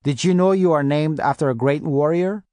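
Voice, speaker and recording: A chubby, good-natured middle-aged lawyer, voiced by a male audiobook reader, who chats and apologizes through every sentence. His voice sits a little high and slightly wheezy. The recording is dry and close. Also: moderate pace, warm tone, clear, resonant tone, no room sound, close to an everyday voice. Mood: chatty. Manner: laughing, apologetic, chatty. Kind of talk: audiobook character voice.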